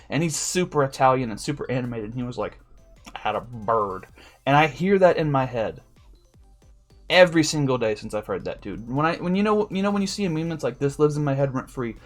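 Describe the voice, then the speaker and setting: A man giving a casual, unscripted rundown of his team as a league coach, loose and profane with lots of fillers. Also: medium pitch. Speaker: competitive Pokemon league coach.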